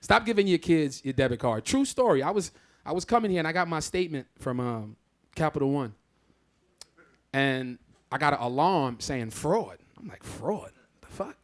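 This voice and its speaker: Male stand-up comic on a theatre stage, high and very animated, loud and salty delivery. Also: normal speed. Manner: loud, exclamatory, profane storytelling. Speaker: stand-up comedian. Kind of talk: live stand-up set.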